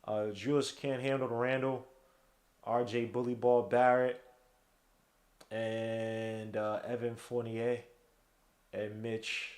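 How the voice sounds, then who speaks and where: A man hosting a casual live-streamed sports podcast, talking in loud, animated bursts full of slang and dropping quiet while he searches his computer. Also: mid-range voice, takes it slowly, long pauses. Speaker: podcast host.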